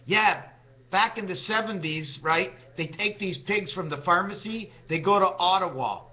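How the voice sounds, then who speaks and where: A man vlogging a rambling monologue, jumping from topic to topic with big swings in pitch. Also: moderate pace, lo-fi sound.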